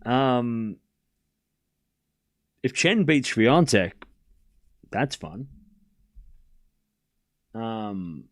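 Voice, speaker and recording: A man's voice: mid-range voice, animated, drawn-out words, long pauses. A man hosting a live tennis watchalong stream, calling scores and chatting casually with viewers, rambling and laughing often.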